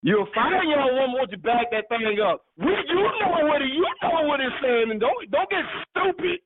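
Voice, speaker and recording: A man's voice: very high voice, big pitch swings, moderate pace, a loud crowd. A man preaching a sermon in an emphatic, teasing way, laughing often as he teaches. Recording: tinny phone-like audio.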